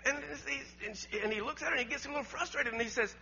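A middle-aged man, preaching a storytelling sermon. He talks in a folksy way, repeats words, laughs often, and swings from loud to hushed. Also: extremely high pitch, quick pace, breathy edge, dull audio. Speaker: pastor.

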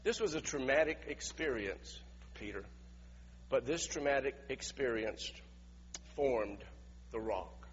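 A man's voice: mid-range voice, expressive, unhurried, pauses often, in a large hall, lo-fi sound, a little hiss or hum. A male preacher giving a conversational sermon, asking his listeners questions as he retells a scripture passage. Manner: conversational, asks the audience questions.

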